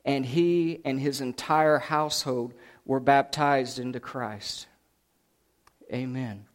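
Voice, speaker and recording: Slow, dramatic male preacher. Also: mid-range voice. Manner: dramatic retelling with big swings from hushed to loud. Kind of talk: sermon.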